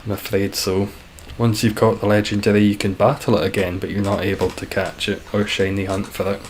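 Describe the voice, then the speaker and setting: A man chatting casually and dryly while live-streaming a game, describing his own voice as monotone. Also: on the low side, brisk, a little hiss or hum. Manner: dry, self-deprecating, calls his voice monotone.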